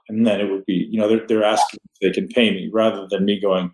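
A man's voice: lowish voice, level tone, brisk, a little mellow. A man hosting a podcast, giving blunt, emphatic motivational advice. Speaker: podcast host. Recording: roomy echo.

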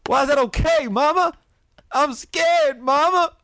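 A man putting on a mock Southern accent as a young man wailing high and plaintively to his mama, like a soldier dying at war. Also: measured pace, pushed and bright, dry recording, studio quality, exaggerated voice. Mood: mournful wailing. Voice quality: high keening plaintive wail.

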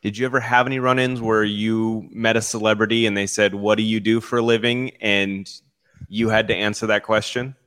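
Male podcast host, lowish voice, casual interviewer with brief, laughing reactions. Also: level tone, a little fast, a bit bright, smooth. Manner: brief prompts and easy laughter.

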